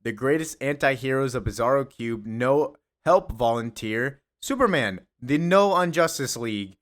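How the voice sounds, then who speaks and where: A man voicing a dim-witted male Bizarro superhero who talks in broken, backwards grammar and boasts loudly. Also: mid-range voice, animated, normal speed, close to an everyday voice. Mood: proud. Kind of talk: comic recap acting out quotes.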